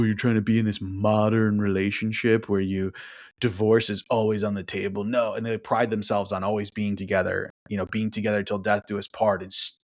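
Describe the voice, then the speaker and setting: A man hosting a relationship podcast who talks through his point in a casual monologue, tags many sentences with "right?", and acts out other people's thoughts. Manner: conversational, keeps adding "right?"; acts out quoted thoughts in a higher voice.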